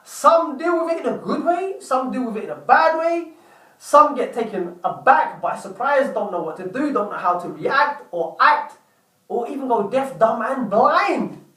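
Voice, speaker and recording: A man's voice: very high voice, lively intonation, normal speed, bright, forceful tone, distant mic. A man giving a self-help talk, telling a personal story in an earnest way and often restating his points. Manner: earnest, repeats and rephrases points. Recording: echoey room, away from the mic.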